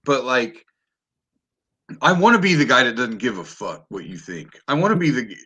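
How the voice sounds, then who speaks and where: Animated, bright-voiced man chatting on a podcast. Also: medium pitch, normal speed, breathy edge, muffled recording. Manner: animated, swears freely, frequent restarts. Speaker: podcast host. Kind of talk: casual chat.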